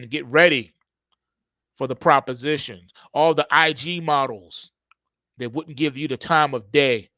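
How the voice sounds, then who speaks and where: A man's voice: on the high side, sharp tone, dry recording. A man giving a casual commentary monologue in an emphatic, repetitive way. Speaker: market commentator.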